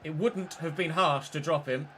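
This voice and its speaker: A man's voice: on the high side, normal speed, bright, forceful tone, slight background noise. A man giving live, mock match commentary while playing a football game, swearing when frustrated.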